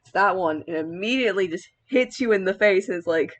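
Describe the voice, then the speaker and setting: A young woman rambles through a relaxed vlog chat as she styles a wig, her thoughts spilling out with plenty of filler words. She laughs easily partway through sentences. Her voice sits at an ordinary middle pitch. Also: a little fast, hardly any pauses. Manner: giggly, laughs mid-sentence. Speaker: cosplayer. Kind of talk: casual vlog chat while styling a wig.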